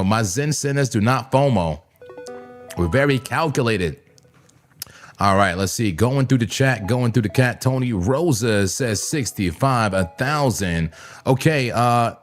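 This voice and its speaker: Male stream host, hoarse cracking voice, animated pitch, chatty and excitable. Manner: excitable, laughs often, sudden shouts. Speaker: crypto trading livestream host. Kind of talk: casual live trading commentary.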